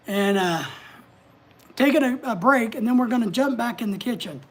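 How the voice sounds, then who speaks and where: A woman's voice: a little high, expressive, moderate pace. A woman hosting a casual livestream from home, chatting, giving advice and reading out viewer comments. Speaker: livestream host.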